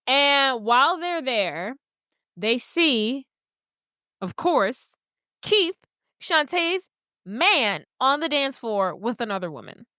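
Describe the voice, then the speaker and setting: A woman's voice: sits high, sing-song, slow, pauses often, pushed and bright, no room sound, clean studio sound. A woman co-hosting a podcast, casually recapping a movie plot and acting out the characters' lines with plenty of swearing. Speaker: podcast co-host.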